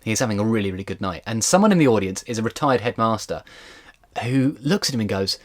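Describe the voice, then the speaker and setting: A man, a historian, giving a casual storytelling lecture in a lively, chatty way with asides. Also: lowish voice, brisk.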